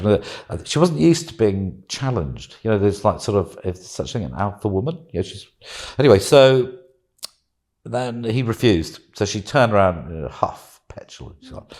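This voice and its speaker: A man with a low, gravelly voice tells a story in a relaxed, chatty way. His pitch swings widely as he laughs and acts out what people said. It sounds like a casual anecdote on a podcast. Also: normal speed. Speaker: podcast guest telling a story.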